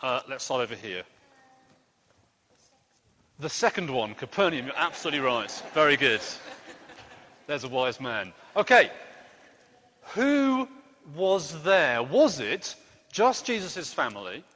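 A playful man quizzes children during a church service, his voice leaping up and down as he jokes. His voice sits a little high for a man. Long reverb from the church hall trails every phrase. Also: a little slow, long pauses. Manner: lively, playful quizmaster with gentle jokes. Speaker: children's talk leader at church.

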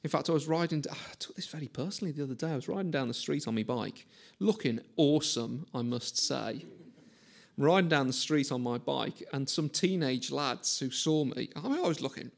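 A man's voice: medium pitch, creaky. A man in his forties preaching a conversational sermon, chatty and self-mocking, often asking the listeners questions.

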